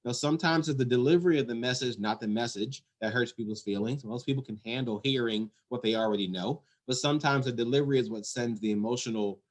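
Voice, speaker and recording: A man leads an earnest talk on running an emergency call center well. His voice sits at an ordinary middle pitch. He drives each point home by repeating it with emphasis. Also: quick pace, few pauses. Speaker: 911 center executive director. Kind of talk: leadership talk to the camera.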